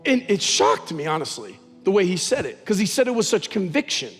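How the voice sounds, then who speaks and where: A man's voice: high-pitched, sing-song, brisk, few pauses, husky, long reverb tail, faint music behind. A man preaching a sermon as pastor, talking conversationally and telling stories with animation.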